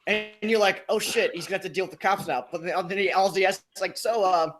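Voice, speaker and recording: High-voiced man in podcast chat. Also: steady tone, fast talker, a bit bright, soft background music. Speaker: podcast co-host. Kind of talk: casual movie podcast chat.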